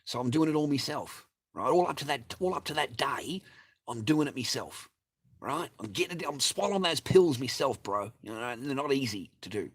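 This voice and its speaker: A man's voice: medium pitch, lively intonation, a little fast, a bit bright, slightly rough. A middle-aged man ranting to his viewers about his marriage, swearing, aggrieved and repeating himself. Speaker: vlogger. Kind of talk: angry personal rant to camera.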